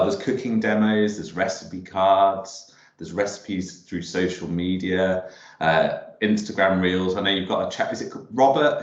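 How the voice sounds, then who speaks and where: A man hosting an online cooking workshop, talking casually and rambling with many ums and restarts while he cooks in a home kitchen on a video call. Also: deep voice. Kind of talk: casual live cooking demo talk. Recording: roomy, dull video call audio.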